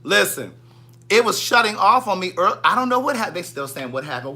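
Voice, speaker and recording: Southern guy on a livestream, gossipy and lively, bright sharp voice that jumps all over. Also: high voice, quick pace. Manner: gossipy, animated, reads viewer comments aloud. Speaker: livestream host. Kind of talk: casual livestream chat.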